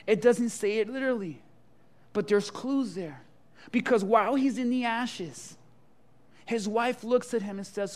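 A pastor preaching a sermon at a church service, swinging from hushed, tender passages to loud, passionate appeals and calling out to the congregation. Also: mid-range voice, unhurried. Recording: live sermon with guitar playing underneath. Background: soft guitar music.

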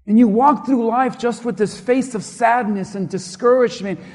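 A male pastor preaching a sermon, impassioned and emphatic, dropping to hushed tones at times, in a large church hall. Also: very high-pitched, normal speed. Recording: long reverb of a large hall.

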